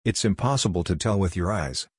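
A man reading as a calm, odd scientist. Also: deep voice, slightly rough, no echo, clean studio sound. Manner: calm, measured, matter-of-fact. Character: calm, odd-talking male scientist guide.

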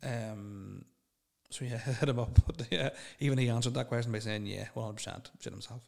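A man's voice: medium pitch, steady tone, normal speed, gravelly. A young man hosting a solo podcast, rambling and swearing bluntly as he answers listener questions. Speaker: podcast host.

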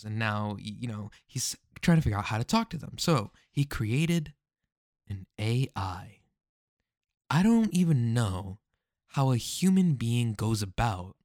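A man talking through a story in casual commentary, animated and joking, with rhetorical questions and slangy asides. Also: medium pitch, no room sound, studio quality. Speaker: commentary host.

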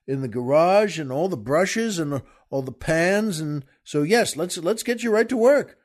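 Man playing sly rich homeowner, high giddy voice, hesitant then quick. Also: animated. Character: sly wealthy mansion owner, middle-aged man.

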